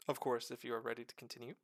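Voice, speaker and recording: Male streamer, mid-pitched, animated casual lore explainer who swears freely. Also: a little fast, vocal fry. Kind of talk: casual live-stream chat.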